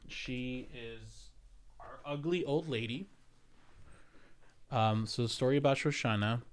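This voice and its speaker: A man's voice: fairly low pitch, clean tone. A man in his thirties with an American accent, hosting a casual livestream and rambling through viewer comments with lots of fillers. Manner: rambling and conversational, answering chat with frequent fillers. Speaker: livestream host and real estate agent.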